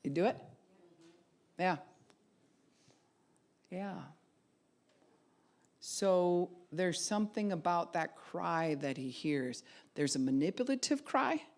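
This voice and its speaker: A woman pastor preaching a sermon, acting out quoted voices and dropping to a soft hush at times. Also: lowish voice, animated, slow pace, long pauses.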